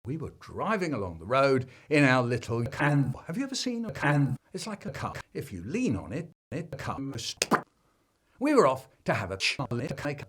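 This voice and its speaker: A man telling a comic family story in an animated storytelling manner, his delivery chopped up by remix edits. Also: moderate pace, husky. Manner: animated storytelling with big swings in pitch and volume.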